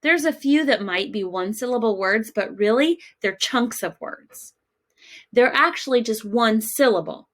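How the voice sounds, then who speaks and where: Woman, teacher, recorded phonics lesson for children, slightly high voice, unhurried, encouraging. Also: lively intonation. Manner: gentle, encouraging, asks questions and pauses.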